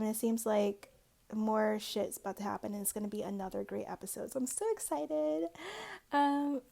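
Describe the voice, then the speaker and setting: A woman's voice: fairly high pitch, creaky, dark tone. A woman hosting a casual reality TV recap, talking in a chatty way full of "like" and "um". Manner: chatty, peppered with "like" and "um".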